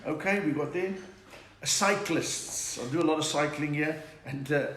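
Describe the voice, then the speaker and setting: South African comedian in an echoey room. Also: male voice, on the high side, unhurried, a bit bright, slight background noise. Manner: chatty, joke-telling, reads out viewer comments. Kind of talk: live-streamed stand-up chat. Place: home room during lockdown.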